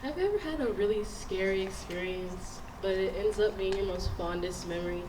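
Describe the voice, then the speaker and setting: A woman's voice: mid-range voice, a little fast, noisy background. A woman telling an earnest, reflective personal story at a story slam. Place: stage in a large hall. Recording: echoey hall, picked up from a distance.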